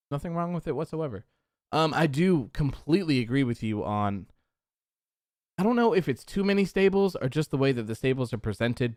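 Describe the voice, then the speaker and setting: A young man casually hosting a live stream, reading viewer comments aloud and reacting with animated bursts. His voice is smooth and clear, with a dry, close sound and no room echo. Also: on the high side. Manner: animated, acts out crowd reactions. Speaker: post-show host reading chat.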